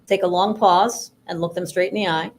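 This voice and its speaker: A woman co-hosting a workshop on pitching investors, talking in a measured, advisory way with frequent fillers. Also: fairly even intonation, a little hiss or hum, rough recording. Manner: measured, advisory, with many "you know" fillers. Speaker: workshop co-host.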